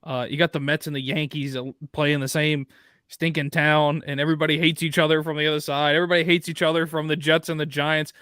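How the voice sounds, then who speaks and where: Fired-up ranting man, crisp dry voice. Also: fairly high pitch, little pitch movement, fast talker, a bit bright, dry recording. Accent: Northeastern US. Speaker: podcast co-host. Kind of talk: casual sports chat.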